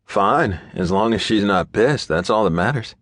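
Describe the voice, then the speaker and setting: A man's voice: lowish voice, animated, moderate pace, a bit bright, no echo, clean studio sound, pitched above the performer's own voice. A man reading an audiobook, voicing a blunt male friend who is annoyed but concerned. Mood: grudging. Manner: blunt, prodding. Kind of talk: audiobook character voice.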